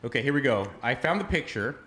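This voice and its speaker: A middle-aged man co-hosting a podcast, joking in quick, casual banter. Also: mid-range voice, expressive, sharp tone. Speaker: podcast co-host. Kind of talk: casual comedic chat. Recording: roomy echo, faint background.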